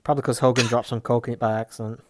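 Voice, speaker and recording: A man co-hosting a casual podcast chat while watching wrestling, blunt and quick to swear. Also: mid-range voice, level tone, noisy background. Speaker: podcast co-host.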